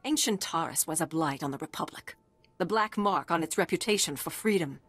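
A woman's voice: on the low side, a little fast, a bit bright, soft background music. An actress voicing a proud, solemn woman who leads war refugees in a video game. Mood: defiant.

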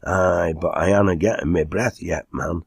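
A man's voice: sits low, normal speed, vocal fry, breathy edge, no echo, clean studio sound, heavily acted. A man doing Twitchell, a wheezy older regular. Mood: plain. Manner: plain and steady, short of breath.

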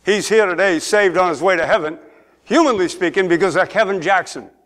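A man's voice: high voice, a little fast, fairly bright tone. A middle-aged man preaching a sermon in church, calling for amens and climbing to emphatic peaks. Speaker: pastor. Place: church sanctuary.

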